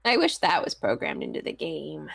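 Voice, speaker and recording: A woman's voice: low-pitched, wildly swooping pitch, normal speed, creaky, breathy edge. A woman casually chatting and joking while playing a video game, giggly and playful. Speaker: game streamer. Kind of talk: casual chat over gameplay.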